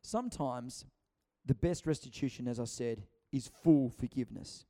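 A man's voice: medium pitch, moderate pace, warm tone. A man preaching a conversational sermon, acting out quotes and often restarting his sentences. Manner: chatty, acts out quotes, many restarts.

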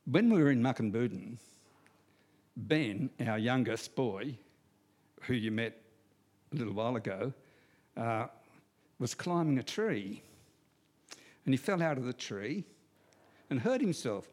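A man's voice: mid-range voice, lively intonation, a little slow, long pauses, darkish tone. A man, preaching a sermon as a pastor and telling stories with humor while repeating key phrases.

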